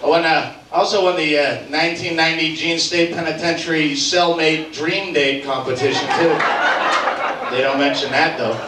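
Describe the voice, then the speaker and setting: Young male Boston stand-up, punchy and crude, high voice, roomy bar sound. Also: steady tone, normal speed, background noise. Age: 20s. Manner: brash, profane, punchy. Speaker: stand-up comedian. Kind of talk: stand-up comedy set. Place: bar comedy club. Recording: roomy club tape from far off, loud crowd. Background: crowd laughter.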